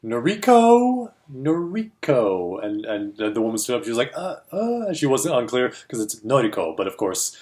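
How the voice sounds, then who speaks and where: A man's voice: on the low side, fast, few pauses. A man co-hosting a film industry chat, telling a story casually and animatedly, acting out the voices he quotes and laughing often. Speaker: co-host of a film industry show.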